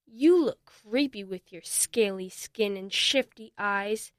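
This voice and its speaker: A woman's voice: mid-range voice, slow, dry recording, clean studio sound, pitched below the performer's own voice, lightly acted. A woman doing an impulsive farm boy. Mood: scornful. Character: young farm boy, impulsive, later sorry.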